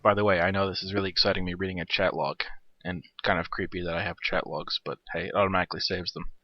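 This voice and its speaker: A man in his thirties rambling through a game replay commentary, swearing and joking. His voice sits a little low. It comes through a dry, dull lo-fi recording. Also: steady tone, fast talker, dry recording. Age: 30s. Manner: irreverent, profane, joking.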